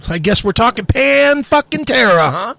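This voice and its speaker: Profane, high-voiced middle-aged man. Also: normal speed, creaky, no room sound. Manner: profane, animated storytelling. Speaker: guest, metal radio show host. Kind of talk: casual podcast chat.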